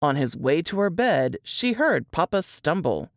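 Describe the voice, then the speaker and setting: A woman with a low voice reads her own story, lingering over each phrase. Her delivery is expressive, with lively swings of pitch, and the recording is close and dry. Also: a little slow, no echo. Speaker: author reading her story. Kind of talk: dramatic fiction reading.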